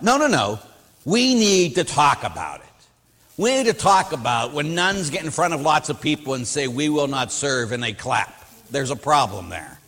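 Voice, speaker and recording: A man, a Catholic priest, preaching a sermon in an animated, emphatic, anecdotal way. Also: medium pitch, normal speed. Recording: long reverb of a hall.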